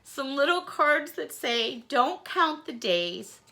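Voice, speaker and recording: Gushing, slow-talking woman vlogger. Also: high voice, sing-song, bright, forceful tone. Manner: emotional, gushing, apologetic, chatty with little laughs. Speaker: vlogger opening fan mail. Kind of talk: casual chat to camera.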